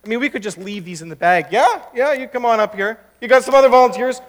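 A man preaching a sermon as a pastor, conversational and animated, rising sharply when he stresses a point. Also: very high voice, fast talker. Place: church sanctuary. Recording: long reverb of a large church hall.

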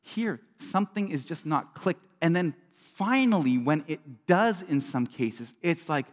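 A middle-aged man gives a sermon in a church sanctuary, his voice sitting slightly high for a man. He preaches earnestly and conversationally, jumping to loud bursts and dropping to near hushes. A long reverb from the big hall trails after his words. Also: lively intonation, a little slow. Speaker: pastor.

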